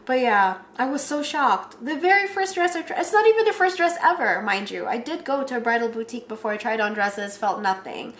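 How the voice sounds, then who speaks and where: A young woman casually telling her story of shopping for a wedding dress, animated, acting out quotes in a higher voice. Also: a little fast, hardly any pauses, echoey room.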